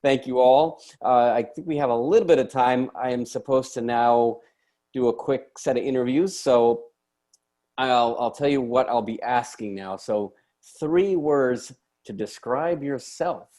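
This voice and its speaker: A man's voice: medium pitch, a little slow, warm tone. A man hosting a storytelling event, chatting in a friendly way between stories. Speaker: host.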